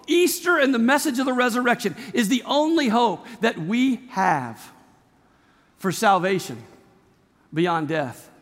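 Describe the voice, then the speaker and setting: A man's voice: very high-pitched, animated, measured pace, a bit bright, big-room sound. A male pastor preaching a sermon, emphatic, with repeated phrases and rhetorical questions. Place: church sanctuary.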